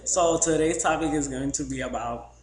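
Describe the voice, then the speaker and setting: A man's voice: on the high side, normal speed, a crowd in the background. Guy from boston rambling thru a story, lots of ums, echoey room. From Boston area, US. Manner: rambling, joking, many fillers and asides. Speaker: vlogger. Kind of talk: casual storytelling vlog. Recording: echoey room, faint background hum.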